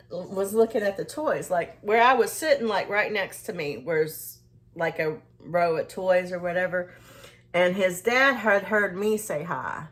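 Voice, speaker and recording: A woman's voice: medium pitch, a bit bright. A woman vlogger telling a casual story to her viewers, rambling along with many restarts and fillers as she talks to the camera. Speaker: skincare and self-care vlogger.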